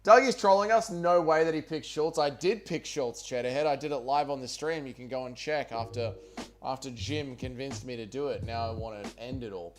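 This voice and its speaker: A man's voice: medium pitch, fairly quick, soft background music. An Australian man hosting a casual livestream, reading chat and bantering with viewers, with plenty of swearing and jokes. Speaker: livestream host.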